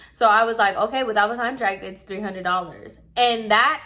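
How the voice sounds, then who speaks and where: A woman's voice: medium pitch, bright, forceful tone. A woman telling a storytime about a difficult client in a casual, exasperated way, acting out both sides of the conversation. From Puerto Rican heritage. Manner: chatty, exasperated, acts out both sides with quoted lines.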